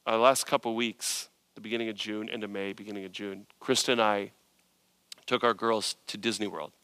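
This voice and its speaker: A man's voice: on the low side, steady tone, moderate pace, pushed and bright, smooth, no echo. A male pastor preaching a sermon in an earnest, conversational way, often searching for words and restarting.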